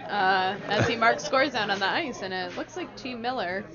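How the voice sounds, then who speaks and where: A woman's voice: medium pitch, normal speed, music in the background. A woman giving chatty, playful co-commentary on a club curling match. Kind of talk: casual sports commentary. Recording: dull audio with crowd noise.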